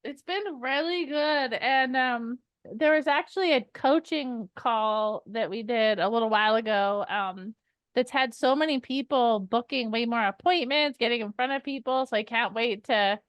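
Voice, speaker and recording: High-voiced giggly woman from Canada. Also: moderate pace, clean tone, dry recording. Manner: giggly, chatty, storytelling. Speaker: podcast co-host. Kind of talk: casual podcast chat.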